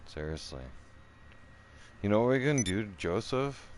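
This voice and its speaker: A man's voice: on the low side, lively intonation, normal speed, long pauses, a little hiss or hum. A middle-aged man telling a profane, rambling story in casual chat, full of "right?" asides. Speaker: streamer.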